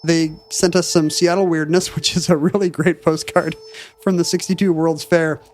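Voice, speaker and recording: A man's voice: a little high, flat delivery, moderate pace, darkish tone, a little hiss or hum. A man co-hosting a podcast in casual chat, wry and bookish as he riffs. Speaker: podcast co-host.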